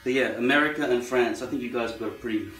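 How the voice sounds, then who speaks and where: A man's voice: mid-range voice, very fast, fairly bright tone, a little hiss or hum. Rambling, profane Australian man. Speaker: vlogger. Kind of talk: rambling monologue. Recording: echoey room, far from mic.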